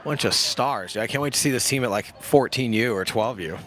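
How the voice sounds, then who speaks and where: A man's voice: medium pitch, brisk, a bit bright. Laid-back young man calling youth football. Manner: laid-back, jokey, slangy, self-deprecating. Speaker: play-by-play commentator. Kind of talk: casual youth football commentary. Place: outdoors at a youth football game.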